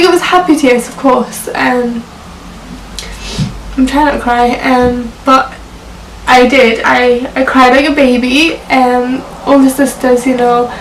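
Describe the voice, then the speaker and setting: Young woman, chatty vlog storytelling, lots of "like", slightly high voice, faint background noise. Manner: chatty, lots of "like" and "you know". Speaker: vlogger. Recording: roomy echo from a distant mic.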